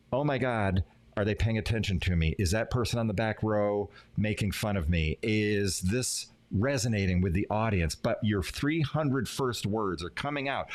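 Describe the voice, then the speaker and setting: An animated man coaching an online audience on public speaking, his voice swinging widely up and down. He talks casually but with emphasis, and he often slips into exaggerated voices to act out other people. The delivery has the loose feel of a live stream. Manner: conversational, acts out quoted people with sudden high-pitched voices; emphatic, dramatic storytelling pauses. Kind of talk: live-streamed advice talk.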